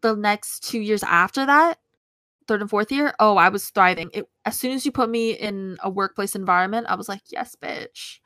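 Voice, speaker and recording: Young woman, casual chat, blunt delivery, mid pitch, dry recording. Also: a little fast, bright, forceful tone, dry recording. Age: young adult.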